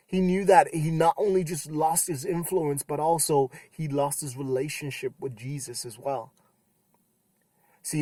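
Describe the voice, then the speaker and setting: A young adult man giving a casual youth sermon, retelling scripture with animated quoted voices. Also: mid-range voice, dry recording. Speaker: youth pastor.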